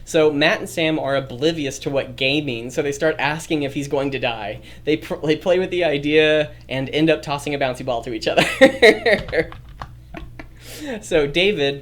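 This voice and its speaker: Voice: medium pitch, unhurried, a bit bright, slight background noise. A streamer thinking aloud while drafting a story, rambling, correcting themselves and often laughing.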